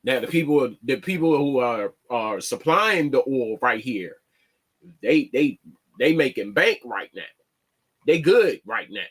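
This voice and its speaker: Man, unhurried and plainspoken, stumbles and restarts as he talks his opinion on his show. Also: mid-range voice, animated, fairly bright tone, husky. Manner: halting, repeats words and restarts often; plainspoken, slangy. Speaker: online show host. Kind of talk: casual commentary monologue.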